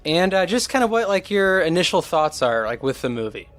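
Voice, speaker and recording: A man's voice: a little high, big pitch swings, fairly quick, fairly bright tone. A man hosting a podcast in casual chat, jokey and rambling. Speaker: podcast host.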